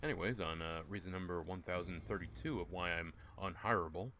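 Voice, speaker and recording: A man's voice: deep voice, a little fast, sharp tone, slight background noise. A young man giving rambling, joking, profane commentary while playing a video game. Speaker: gaming YouTuber. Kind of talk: casual gameplay commentary.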